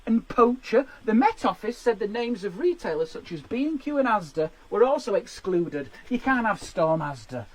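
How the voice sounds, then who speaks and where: A man in his forties, a comedian hosting a jokey chat show from his garden shed, riffing excitably. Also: high-pitched, moderate pace, hardly any pauses. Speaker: comedian host.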